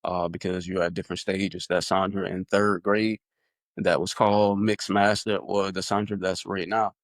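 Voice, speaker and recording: A man's voice: deep voice, little pitch movement, normal speed, dry recording. A man hosting a podcast interview, asking loose conversational questions with many fillers. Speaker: podcast host.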